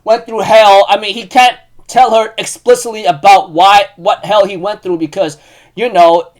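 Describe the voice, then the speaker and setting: A man giving a casual recap of an anime episode, excitable and rambling, with lots of "you know" fillers. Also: high voice, normal speed.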